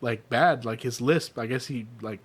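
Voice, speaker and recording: A man's voice: medium pitch, normal speed, breathy edge. Rambling, profane man co-hosting a podcast. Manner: profane, rambling, acts out quotes. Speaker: podcast co-host. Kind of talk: casual chat.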